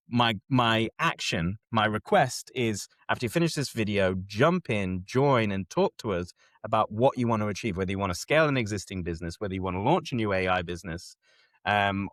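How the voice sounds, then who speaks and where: Lively low-voiced man explaining casually. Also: normal speed, dry recording. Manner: animated, keeps checking in with listener. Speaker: host.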